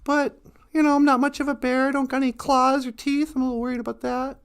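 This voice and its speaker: A woman's voice: high voice, flat delivery, fast talker, smooth, pitched below the performer's own voice. A woman voicing a small, lost, worried male teddy bear who stammers and hesitates.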